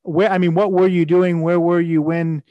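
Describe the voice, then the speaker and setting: Man, host, slightly high voice, dry close sound, reflective, halting. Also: level tone, dry recording, dull audio. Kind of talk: interview questions.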